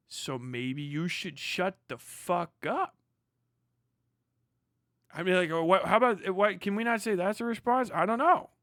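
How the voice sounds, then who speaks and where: A man's voice: high voice, fairly bright tone, dry recording, clean studio sound. Mocking, profane American streamer man. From United States. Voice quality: mocking, profane, laughs often. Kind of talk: profane sarcastic rant reacting to a clip.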